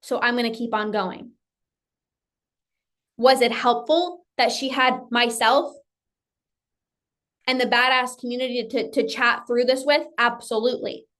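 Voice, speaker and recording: Woman coach, high voice, emphatic motivational talk, repeats phrases. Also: steady tone, measured pace, pauses often, a bit bright. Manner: emphatic, repeats phrases for effect, acts out client's voice.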